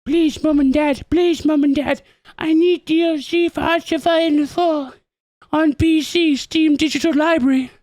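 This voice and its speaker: A man's voice: extremely high pitch, fairly even intonation, unhurried, a little mellow, no echo, clean studio sound, pitched above the performer's own voice. A man putting on the voice of a young boy pleading with his parents. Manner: whiny, begging.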